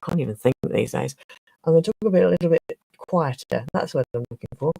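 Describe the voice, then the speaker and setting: Lady rambling on her craft livestream, bit flustered, throat a bit rough, gravelly, dry close sound. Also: deep voice, fast talker, warm tone, no room sound, rough recording. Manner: chatty, flustered, trailing off and restarting. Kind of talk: casual livestream chat.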